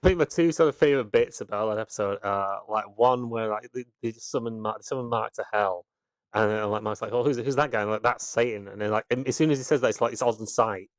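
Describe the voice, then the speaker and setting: A man's voice: fairly low pitch, brisk, no room sound. A man, co-hosting a podcast, chatting casually with many restarts and easy laughs. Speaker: podcast co-host. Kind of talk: casual chat.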